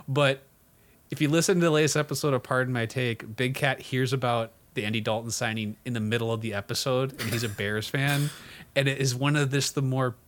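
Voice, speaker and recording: A man co-hosting a sports podcast, making sarcastic jokes with quick asides. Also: mid-range voice, a bit bright. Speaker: podcast co-host. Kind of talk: casual sports podcast banter.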